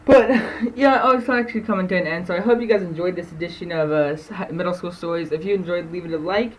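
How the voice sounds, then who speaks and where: A man's voice: high-pitched, quick pace, slight background noise, rough recording. A teenage boy telling stories from school to camera in a rambling way, with many fillers and laughs between sentences. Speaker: vlogger. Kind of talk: casual storytelling to camera.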